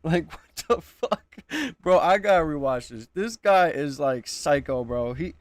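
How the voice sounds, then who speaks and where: Slangy laughing streamer, dry close sound. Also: male voice, a little high, measured pace, no echo. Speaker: streamer reacting to videos. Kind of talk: casual live reaction commentary.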